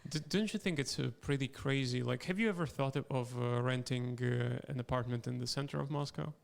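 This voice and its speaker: Young Russian host, native Russian speaker, chatty with lots of fillers and laughs, medium pitch. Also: male voice, creaky. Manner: halting with many fillers, laughs often. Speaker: podcast host and comedian. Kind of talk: casual podcast chat.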